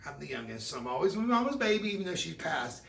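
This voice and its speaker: Shopping host: middle-aged man, slightly high, gravelly voice, chatty upbeat sales patter, echoey studio with a distant mic. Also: very animated, fast talker, a bit bright. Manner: chatty, upbeat, tells personal stories. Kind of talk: live-stream jewelry sales pitch.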